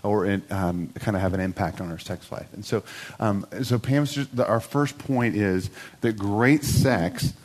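A man's voice: fairly low pitch, a little slow. A middle-aged man giving a church talk with a conversational, self-mocking story.

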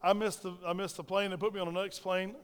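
A middle-aged male pastor with a high-pitched, level, clean voice preaches quickly into a handheld microphone in a church sanctuary, where the sound fills a big room. He tells stories, repeats phrases, and poses questions to the congregation.

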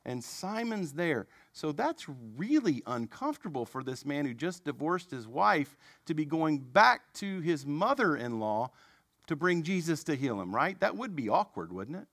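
Male preacher, young adult, conversational sermon with self-mocking asides, slightly high voice, dry recording. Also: big pitch swings, a little slow, fairly bright tone, no echo. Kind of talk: sermon storytelling.

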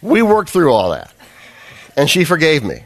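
A man's voice: on the high side, wildly swooping pitch, moderate pace. A man preaching a sermon as a pastor, telling a self-deprecating personal story with humor, then pressing his point with earnest, fervent emphasis.

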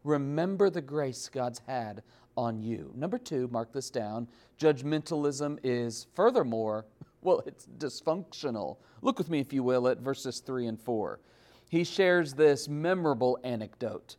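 A man's voice: medium pitch, lively intonation, unhurried, darkish tone. A man preaching a sermon, emphatic, with big swings in volume and pace as he builds and drops his points. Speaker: pastor.

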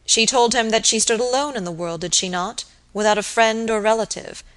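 A woman voicing a grave, earnest young male barrister, speaking in a formal, measured way. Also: a little high, fairly bright tone, pitched above the performer's own voice, natural voice.

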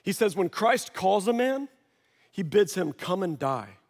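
A man's voice: high-pitched, very animated, measured pace. A male pastor preaching a sermon in a church, in a passionate, conversational way with lots of casual fillers. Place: church sanctuary. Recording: reverberant hall sound.

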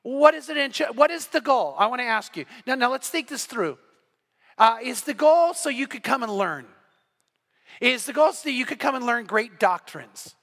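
A man's voice: very high-pitched, lively intonation, moderate pace, fairly bright tone. A man pastor giving a sermon, telling a story with animation and acting out the quoted voices. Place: church sanctuary.

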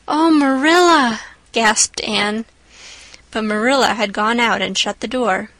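Woman narrating a storybook, higher voice. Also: dry recording, low-quality recording. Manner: measured, expressive. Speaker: audiobook narrator.

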